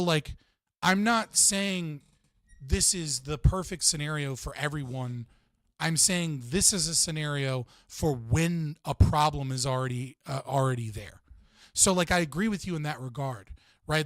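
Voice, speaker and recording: A man's voice: on the high side, no room sound. Blunt, swearing man with a dry sound. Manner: blunt, profane, rambling. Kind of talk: casual podcast talk.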